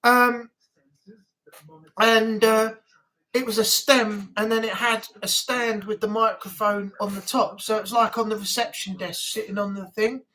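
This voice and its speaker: A man's voice: high-pitched, level tone, a little slow, sharp tone, poor audio. Chatty man rambling on stream. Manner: rambling, chatty, many fillers. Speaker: live chat host. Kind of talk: casual live-stream chat. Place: home room.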